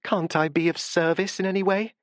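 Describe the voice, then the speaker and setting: A man putting on a soft-voiced eerie young woman. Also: on the high side, lively intonation, moderate pace, no echo, clean studio sound, pitched above the performer's own voice, natural voice. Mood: soft, apologetic. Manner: soft, hesitant. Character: soft-spoken, unsettling young woman, quietly sincere. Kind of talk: audiobook character voice.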